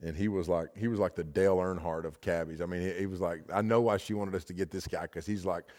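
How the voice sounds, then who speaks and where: Male pastor, very low voice, loose rambling sermon delivery, long hall echo. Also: fairly even intonation, fast talker, darkish tone. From United States. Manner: casual, rambling, with many fillers and restarts. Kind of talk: storytelling sermon. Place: large hall at a camp session.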